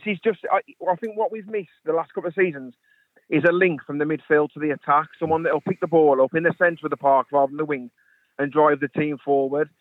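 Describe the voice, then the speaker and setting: A man's voice: a little high, fairly quick, no room sound. A man from the West Midlands calling in to a radio phone-in, talking earnestly with many "um"s and "I think"s. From West Midlands, England. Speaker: caller. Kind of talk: phone-in chat. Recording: tinny phone line.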